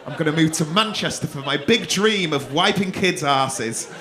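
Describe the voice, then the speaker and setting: On a comedy club stage before a laughing crowd, a stand-up comedian does crowd work, teasing audience members in a cheeky, swearing way. His voice is on the high side and expressive at a normal speed, with background noise and audience laughter.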